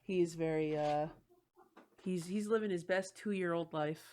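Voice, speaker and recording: A woman's voice: lowish voice, a little slow, dark tone. A woman hosting a podcast, chatting casually, laughing often and swearing freely. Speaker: podcast host. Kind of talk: casual chat.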